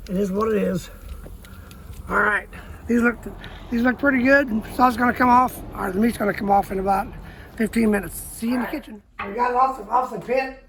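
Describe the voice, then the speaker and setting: Middle-aged woman chatting about her bbq, folksy, repeats herself, roomy sound from a distant camera, faint noise behind. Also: fairly high pitch. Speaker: backyard barbecue cook and host. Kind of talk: casual cooking demonstration.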